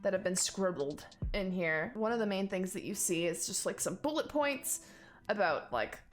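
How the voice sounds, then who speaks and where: A woman narrates a tabletop game as its dungeon master, loose and chatty with frequent fillers. Her pitch sits in an ordinary middle range. Soft background music plays faintly beneath her. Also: expressive, normal speed. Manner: casual descriptive narration with many fillers.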